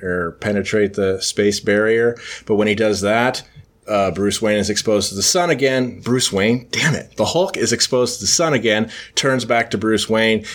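A man hosting a podcast, casually recapping a comic book story in a rambling way, full of fillers and self-corrections. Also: fairly low pitch. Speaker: podcast host.

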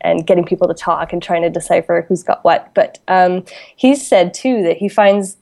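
A woman's voice: lowish voice, moderate pace, gravelly, a little mellow. A Canadian woman chatting as an interview guest, laughing often and full of fillers and restarts. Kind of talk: casual interview chat.

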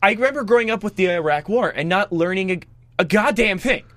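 A young man from Washington, D.C., co-hosting a casual political chat, talking quickly with lots of "like" fillers. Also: high voice, no echo. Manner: quick, animated, full of "like" fillers. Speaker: podcast co-host.

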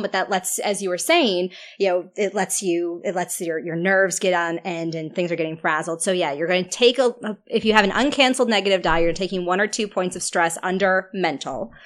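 A woman running a tabletop horror game as game master, narrating scenes and rules with halting restarts. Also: lowish voice. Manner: hesitant, restarting phrases, explanatory.

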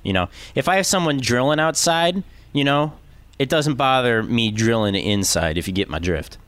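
A man's voice: mid-range voice, expressive, moderate pace, a bit bright, dry recording. A man co-hosting a podcast in casual chat, joking in a mock-serious way. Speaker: podcast co-host.

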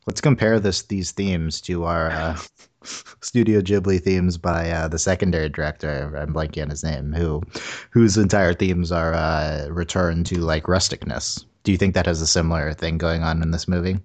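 A man co-hosting a casual movie review chat, talking haltingly with dry humor and frequent laughs. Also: low voice, fairly even intonation. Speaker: podcast co-host reviewing a movie.

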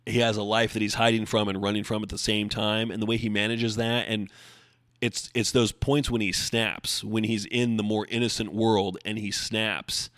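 A man's voice: fairly low pitch, little pitch movement, moderate pace, a bit bright, no echo, clean studio sound. A man hosting his own podcast alone, talking casually and rambling with lots of fillers. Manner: chatty, rambling with many fillers. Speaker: podcast host. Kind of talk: solo podcast monologue.

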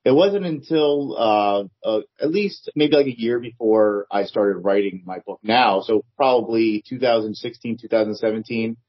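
A man with a New Jersey accent talks as a podcast guest in a lowish, husky voice. He answers hesitantly, circling back and repeating himself, and the audio sounds dull and lo-fi. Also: moderate pace, few pauses. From New Jersey, United States. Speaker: author guest. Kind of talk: casual interview chat.

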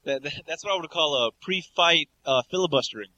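A man's voice: a little high, brisk, sharp tone, no echo, muffled recording. Joking man co-hosting a podcast. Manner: laughing, joking listener. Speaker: podcast co-host. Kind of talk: casual chat.

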